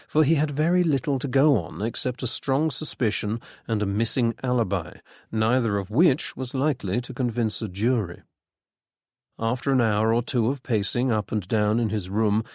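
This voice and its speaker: A man giving a measured scripted narration of a mystery audiobook. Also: mid-range voice, a little mellow, no room sound, clean studio sound.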